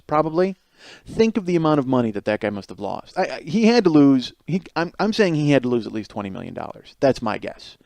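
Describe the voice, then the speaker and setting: This is a solo comedic podcast monologue from a male host in his forties who rambles, curses and mocks himself. His voice is mid-range and slightly mellow, captured without any echo.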